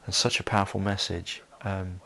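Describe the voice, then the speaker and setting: A man's voice: low-pitched, level tone, moderate pace, gravelly, sharp tone. A man giving a solo film commentary, rambling with many fillers and restarts.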